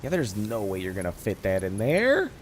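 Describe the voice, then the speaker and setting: A man's voice: on the low side, wildly swooping pitch, moderate pace, a little hiss or hum. A man streaming a factory-building game, muttering to himself, cursing and laughing at his own mistakes. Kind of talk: casual live gameplay commentary.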